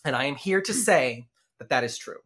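A man co-hosting a podcast in casual chat, telling stories with quick asides and laughing as he goes. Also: medium pitch, lively intonation, a bit bright. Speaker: podcast co-host.

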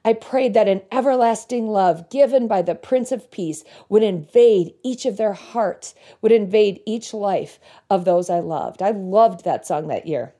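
Earnest woman with a mellow voice. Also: mid-range voice. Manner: earnest, reflective, reads song lyrics slowly. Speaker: Christian speaker. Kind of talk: devotional reflection.

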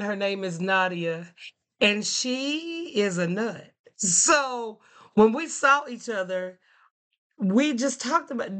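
Woman teacher, unhurried storyteller, medium pitch, laughs through her funny anecdotes. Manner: laughing often, animated and playful. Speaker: teacher telling classroom stories. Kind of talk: casual storytelling.

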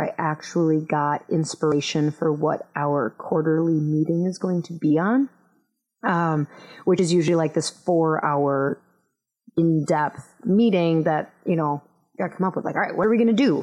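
A woman's voice: deep voice, darkish tone, low-quality recording. A woman in her thirties hosting her podcast, chatting casually in rambling asides with self-mocking humor. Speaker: podcast host. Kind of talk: casual solo podcast chat.

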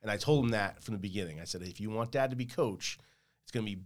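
A man's voice: lowish voice, fast talker. A man in his thirties chatting casually as a podcast guest, rambling and repeating his words. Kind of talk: casual chat.

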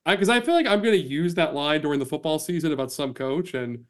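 A man hosting a sports podcast, chatting casually and laughing easily, with lively reading aloud. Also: a little high, fast. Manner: animated, laughs easily, reads aloud with gusto. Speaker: podcast host.

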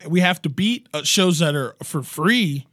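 Fast-riffing, profane man in his thirties. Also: fairly high pitch, expressive, fairly bright tone, no room sound, studio quality. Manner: crude, fast riffing, frequent swearing. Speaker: podcast co-host. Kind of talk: casual comedic chat.

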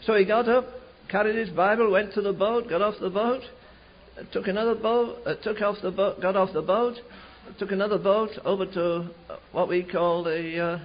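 A man preaching a sermon, telling a revival story in an animated way, slowing and rising for emphasis. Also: sits high, husky. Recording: dull lo-fi recording.

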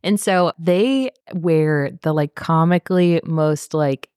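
Lively low-voiced woman recapping a show. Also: slow pace, smooth, dry recording, studio quality. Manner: animated, swearing, laughing, acting out characters' lines. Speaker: podcast co-host. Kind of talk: casual chat recapping a TV show.

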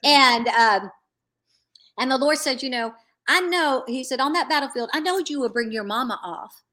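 A middle-aged woman sharing a personal faith testimony in earnest, animated storytelling, acting out what others said. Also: high voice, normal speed. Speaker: guest.

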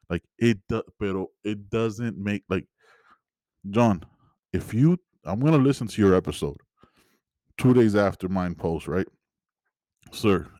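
Male podcast host, low-pitched, exasperated rambling movie-review rant, dry recording. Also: a little mellow, dry recording. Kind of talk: casual solo movie review.

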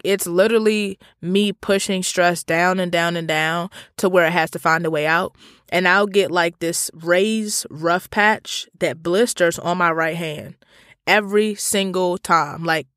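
The high-pitched voice of a man comes through with no echo and studio quality. He narrates a story straight to listeners, casual, profane and slangy, shifting between animated rants and calmer reflection.

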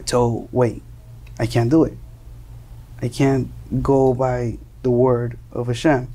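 Young man, from Colombia, gravelly, mellow, earnest interview guest, restarts his words. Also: mid-range voice, level tone, slow pace. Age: young adult. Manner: earnest, repeats and restarts words while searching for phrasing. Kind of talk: earnest conversational storytelling.

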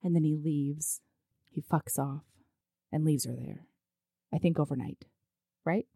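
A woman's voice: low-pitched, measured pace, creaky, warm tone, dry recording, clean studio sound. A woman co-hosting a podcast, casually recapping a story and acting out the characters' lines. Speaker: podcast co-host recapping a book. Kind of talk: casual chat.

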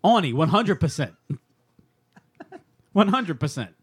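A man co-hosting a casual podcast, rambling through stories with plenty of swearing and laughter. His voice sits a bit high, recorded dry and close. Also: big pitch swings, a little slow, husky, no room sound. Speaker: podcast co-host. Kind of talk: casual banter.

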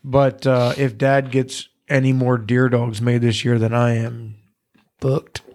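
A man's voice: mid-range voice, little pitch movement, slow, a little mellow. A man hosting a podcast, telling stories in a casual, profane way and laughing often. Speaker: podcast host. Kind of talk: casual chat.

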